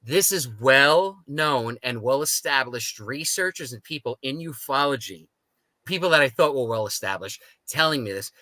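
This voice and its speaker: New guy, bright voice, dry close mic, animated storyteller doing the voices of people he quotes. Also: mid-range voice, moderate pace, dry recording, low-quality recording. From United States. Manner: animated, acts out quoted dialogue. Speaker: guest. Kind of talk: casual storytelling.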